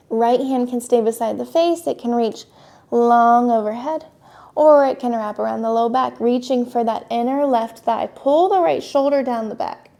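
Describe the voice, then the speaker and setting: Woman, young adult, yoga instructor, slightly high-pitched, calm, encouraging, step-by-step cues. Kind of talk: guided yoga class cues.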